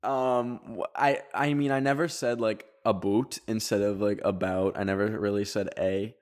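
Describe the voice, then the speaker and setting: A man's voice: on the low side, little pitch movement. A young man from Canada with a Canadian accent, hosting a casual solo podcast in a chatty, rambling way full of fillers. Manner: chatty, rambling, many fillers, quick laughs. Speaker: podcast host.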